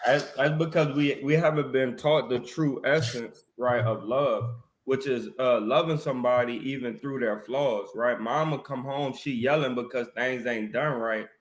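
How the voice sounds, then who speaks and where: A man's voice: mid-range voice, normal speed, hardly any pauses, reverberant, a little hiss or hum. A man talking casually about faith in a preachy way, ending his lines with "right?" and "man.". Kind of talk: casual religious discussion.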